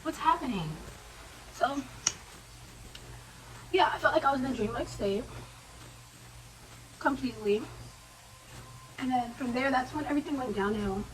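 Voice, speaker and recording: A young woman vlogger telling a personal story in a casual, slangy, animated way, with quoted asides. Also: sits high, moderate pace, long pauses, distant mic, background noise.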